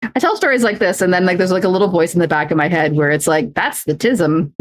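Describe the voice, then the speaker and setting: A woman livestreaming, chatting casually while crafting, rambling and self-deprecating with frequent restarts. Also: fairly low pitch.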